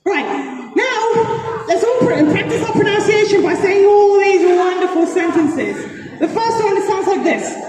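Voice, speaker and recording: A woman's voice: very high-pitched, expressive, normal speed, far from the mic. A woman with an upbeat, bubbly manner who laughs often, leading an audience through pronunciation drills at a convention talk. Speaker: speaker teaching a language to an audience. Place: large convention hall. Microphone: phone in the audience. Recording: echoey hall recorded from afar on a phone. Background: crowd repeating and reacting.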